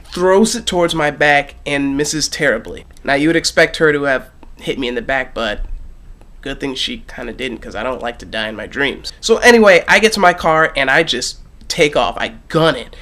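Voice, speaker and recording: A young man vlogging, telling a story animatedly and swinging between loud bursts and hushed asides. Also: medium pitch, normal speed. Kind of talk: casual storytelling vlog.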